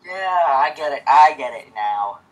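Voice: medium pitch, lively intonation, measured pace, rough recording. A person reading a fan story aloud outdoors in the cold, often stammering and correcting themselves, with chatty asides. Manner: stammering, rambling, self-correcting.

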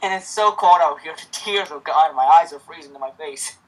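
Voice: mid-range voice, fairly quick, fairly bright tone, husky, poor audio. A person reading a fan story aloud outdoors in the cold, often stammering and correcting themselves, with chatty asides. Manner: stammering, rambling, self-correcting.

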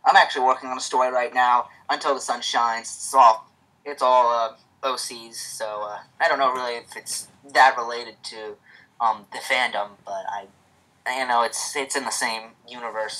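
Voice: mid-range voice, fairly even intonation, moderate pace, sharp tone, rough recording. A person reading a fan story aloud outdoors in the cold, often stammering and correcting themselves, with chatty asides. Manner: stammering, rambling, self-correcting.

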